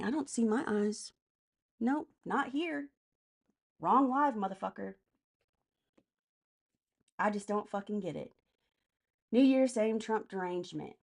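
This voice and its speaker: A woman's voice: medium pitch, lively intonation, slow, gravelly, long pauses, a little mellow. Blunt woman streamer answering chat. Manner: blunt and profane, answers chat commenters by name. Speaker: live stream host. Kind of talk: casual political live stream, reading chat comments.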